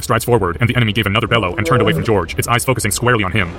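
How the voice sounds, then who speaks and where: Man narrating audiobook, very fast delivery, lowish voice, soft music behind. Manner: rapid, intense storytelling. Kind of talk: audiobook narration of fan fiction.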